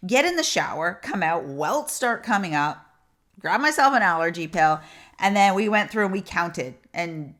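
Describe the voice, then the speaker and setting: A middle-aged woman who coaches intuition, talking casually to camera and telling stories with animated, repeated emphasis. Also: medium pitch. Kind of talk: casual teaching talk.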